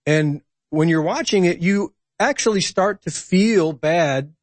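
A man in a casual podcast conversation who tells stories with animation and pauses on ums and uhs. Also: sits high, no room sound. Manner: animated storyteller, hesitant fillers. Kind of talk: casual political chat.

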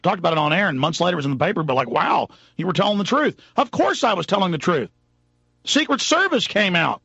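Gravelly, impassioned talk radio host man. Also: a little high, no room sound. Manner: impassioned, rambling, shifts between mutters and shouts. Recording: dry, dull lo-fi recording.

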